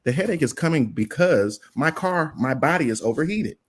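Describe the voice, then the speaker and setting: A man's voice: fairly high pitch, expressive, moderate pace. A man, chatting casually and telling a story in an earnest, plain-spoken way. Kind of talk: casual chat.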